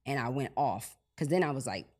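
A woman's voice: a bass voice, expressive, brisk, darkish tone. A mother and podcast co-host telling an earnest story in casual conversation, often repeating herself. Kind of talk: casual faith conversation and ad read.

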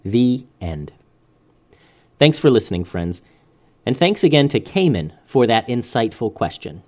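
Male host reading a kids' story, lively melodic delivery, expressive. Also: mid-range voice, measured pace. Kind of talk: bedtime story narration.

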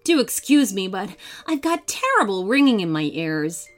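A woman's voice: mid-range voice, sing-song, normal speed, natural voice. A woman voicing a genteel living statue lady. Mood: polite. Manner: genteel, polite. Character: polite grand lady statue come to life.

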